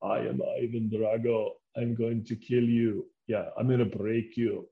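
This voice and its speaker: A man's voice: medium pitch, flat delivery, unhurried, creaky. A man doing Ivan Drago, menacing Soviet boxer. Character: menacing Soviet boxer, huge, cold and threatening. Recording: echoey room, dull sound.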